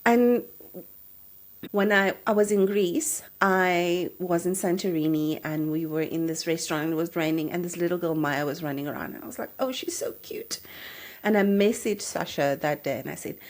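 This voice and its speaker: A woman in her thirties hosts a podcast, telling a personal story with animated, emotional energy. Her voice sits a little lower than most women's. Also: normal speed. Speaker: podcast host.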